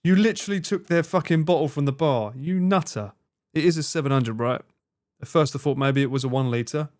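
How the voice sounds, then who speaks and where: A man's voice: a little high, fairly quick, a little mellow. A man streaming live, chatting casually with his viewers, swearing freely, laughing and bantering.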